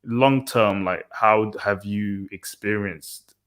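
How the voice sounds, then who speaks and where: A man's voice: on the low side, takes it slowly, fairly bright tone. A man hosting a live stream, asking probing questions in casual chat. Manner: probing questions, rising animation. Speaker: host of a stream.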